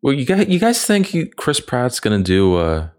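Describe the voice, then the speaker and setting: A joking man chatting casually with friends, his pitch swinging widely as he talks. He rambles and slips into mock voices. He talks like one of the regular co-hosts. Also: wildly swooping pitch, normal speed, darkish tone. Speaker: podcast co-host. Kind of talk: casual chat.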